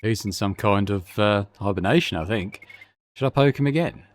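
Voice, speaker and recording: A man's voice: on the low side, lively intonation, normal speed. A man hosting a let's play, giving casual, wry commentary as he plays and reading the on-screen dialogue aloud.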